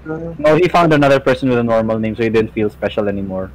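A wisecracking, excitable man in casual gaming chat with friends. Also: mid-range voice, quick pace. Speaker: gaming channel regular. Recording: noisy voice chat.

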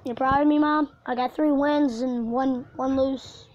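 A woman's voice: sits high, steady tone, a little slow, darkish tone, slight background noise. A woman hosting her own gaming channel, giving rambling, filler-heavy, crude, joking let's-play commentary. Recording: dull lo-fi recording with faint music.

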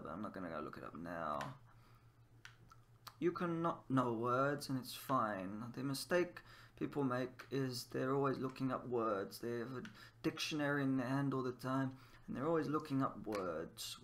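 A language teacher with an animated, mid-range, slightly bright voice speaks at a moderate pace. He casually teaches Japanese words while playing a game, laughing often and drilling phrases through repetition.

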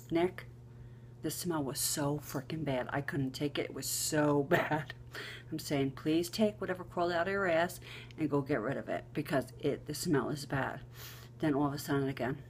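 A middle-aged woman vlogger casually telling a funny story, animated and swearing, giggling often. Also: deep voice, slight background noise.

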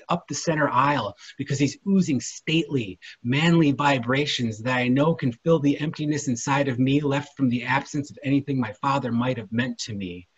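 A man reading his fiction aloud at a literary event, with expressive, dramatic delivery. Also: mid-range voice, slightly rough. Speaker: featured author. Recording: muffled lo-fi recording.

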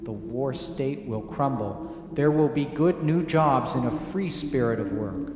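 A man's voice: mid-range voice, a little slow, close to an everyday voice. A man voicing a grave ghostly old statesman. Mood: quiet authority. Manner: speaks softly with quiet authority. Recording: echoey with steady background noise.

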